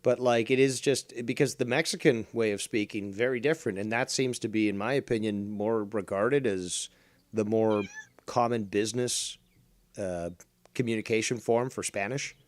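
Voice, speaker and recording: A man's voice: fairly low pitch, normal speed, no room sound. A man streaming, chatting bluntly and casually, with lots of swearing and fillers.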